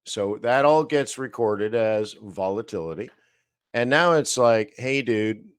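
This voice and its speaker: Guy doing a live trading lesson, talks real slow and low, lots of ums while he draws on charts. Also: lively intonation, smooth, no room sound. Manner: slow, meandering, thinking aloud with fillers. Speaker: trading educator.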